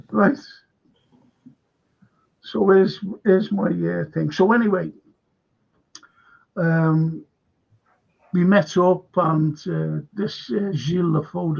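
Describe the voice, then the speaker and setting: Older guy rambling thru a story, slow and gravelly, dull lo-fi sound. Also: fairly high pitch, a little mellow. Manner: rambling, repeats himself. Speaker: host. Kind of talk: casual storytelling chat. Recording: dull lo-fi stream audio.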